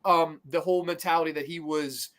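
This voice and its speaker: A man's voice: a little high, fairly quick. A man hosting a casual podcast about films, talking animatedly, swearing often and acting out scenes. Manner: animated, swearing, acts out quotes. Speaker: podcast host. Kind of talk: casual film discussion.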